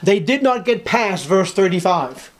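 With lively intonation and a measured pace, a male preacher gives a sermon in a fairly high voice. He drives his points home emphatically through repetition and rhetorical questions.

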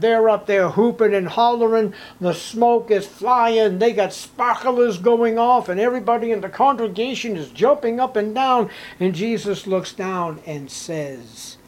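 A male pastor preaching a sermon, emphatic, swinging between hushed lines and raised, punchy ones. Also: sits high, poor audio.

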